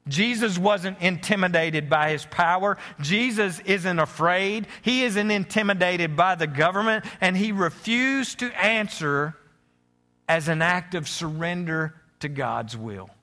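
A man preaching with a high, bright voice and earnest conviction. He often stumbles and restarts mid-phrase. For the gravest points he drops lower and quieter. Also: measured pace, faint music behind. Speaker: pastor. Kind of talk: sermon.

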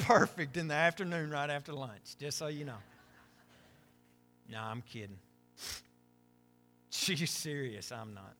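A man's voice: a little high, pushed and bright. A middle-aged male pastor preaching a conversational sermon with self-deprecating humor and frequent asides.

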